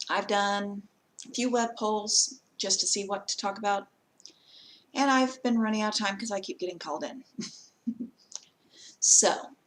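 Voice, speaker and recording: A woman vlogging in a casual talk to camera, plainspoken and earnest, giving direct advice with frequent pauses. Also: medium pitch, a bit bright, rough recording.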